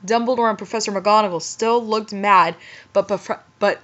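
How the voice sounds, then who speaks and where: A woman's voice: mid-range voice, normal speed, fairly bright tone. A woman reading bad fanfiction aloud and breaking off for incredulous, exasperated commentary. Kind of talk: dramatic reading with mocking commentary. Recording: muffled lo-fi recording.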